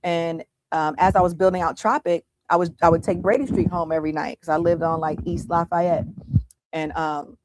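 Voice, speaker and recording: A woman's voice: on the low side, fairly even intonation, moderate pace, background noise. A middle-aged woman from the United States, a business owner giving an interview and retelling her past dramatically, with frequent restarts. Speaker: guest entrepreneur. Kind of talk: candid interview storytelling.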